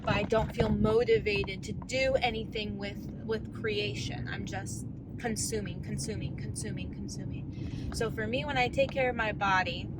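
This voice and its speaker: A woman's voice: medium pitch, fairly even intonation, normal speed, very noisy. A woman in her thirties in a casual, candid vlog rant, rambling as she coaches herself through her thoughts. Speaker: vlogger.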